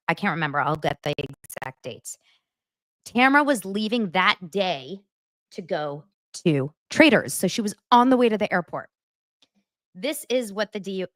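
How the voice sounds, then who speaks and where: A woman's voice: lowish voice, a bit bright, no echo, clean studio sound. A woman hosting a casual gossip show, chatting and reading out text messages, often stopping to correct herself. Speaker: podcast host.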